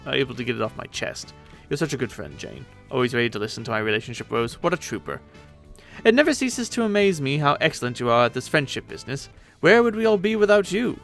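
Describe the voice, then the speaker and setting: A man's voice: medium pitch, vocal fry, a bit bright. A man voicing a clueless young male adventurer who rambles in a folksy, self-absorbed way, in a webcomic read aloud with voices.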